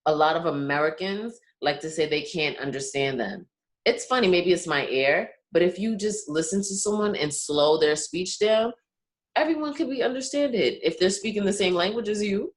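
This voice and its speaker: Caribbean-born woman, young, low voice, earnest podcast co-host. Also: animated, moderate pace. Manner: earnest, keeps asking "you understand what I'm saying?". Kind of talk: casual podcast discussion.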